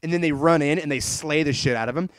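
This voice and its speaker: A man hosting a casual podcast, retelling an anime plot in an animated, rambling way and swearing freely. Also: fairly high pitch, fast talker, no echo. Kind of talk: casual chat reviewing an anime.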